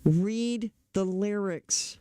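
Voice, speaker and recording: A man's voice: high-pitched, very slow, warm tone, clean tone, no room sound. A middle-aged man talking politics in a casual, blunt, opinionated way, often restarting his sentences. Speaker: political commentator.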